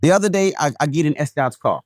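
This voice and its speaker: A man co-hosting a casual podcast, his pitch swinging widely as he talks. He tells stories with emphasis and keeps checking in with his listener. The recording is dry and close. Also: animated, fast talker, no room sound. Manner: emphatic storyteller, keeps asking "right?". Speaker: podcast co-host. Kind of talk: casual chat.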